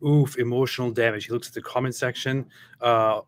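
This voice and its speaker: A man's voice: medium pitch, level tone, brisk. A man hosting casual commentary, heated and scornful, building into indignant outbursts.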